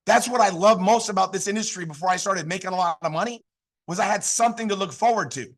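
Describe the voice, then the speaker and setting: Man, motivational speaker, high-pitched, emphatic, repetitive, pumped up. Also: quick pace. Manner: fired up, emphatic, repetitive exhortations. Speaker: motivational speaker at sales training. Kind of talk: high-energy motivational talk.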